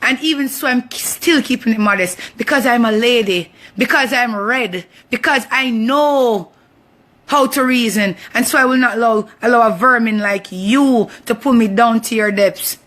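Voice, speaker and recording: A young adult woman vlogger with a Jamaican accent delivers an impassioned personal monologue, confrontational and emphatic, repeating phrases for force. Her voice is a little high and a bit bright, at a moderate pace.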